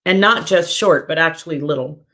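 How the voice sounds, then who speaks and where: A woman's voice: deep voice, normal speed, fairly bright tone. A woman working as a psychic medium, giving live-stream readings to viewers in a chatty, searching way, with many fillers and self-corrections. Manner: reads viewer comments aloud.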